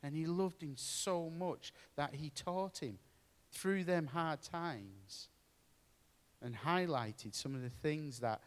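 A man preaching a sermon, earnest and deliberate, mixing Bible reading with storytelling. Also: fairly high pitch, in a large hall. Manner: earnest, slow and pausing, with storytelling asides.

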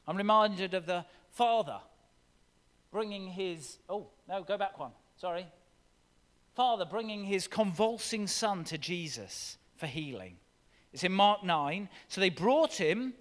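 A man preaching a sermon with expressive, dramatic scripture reading in a church. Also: high voice. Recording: long reverb of a large hall.

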